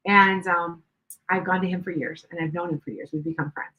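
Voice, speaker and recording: A woman's voice: on the low side, fairly even intonation, a little fast, phone-quality sound. An older woman hosting a live stream as a psychic reader, chatting casually and rambling, with many restarts and asides to her viewers.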